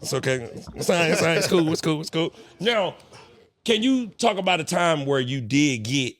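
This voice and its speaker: Man, podcast host, high-pitched, very animated, teasing profane banter. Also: moderate pace, a crowd in the background. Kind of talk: casual interview chat.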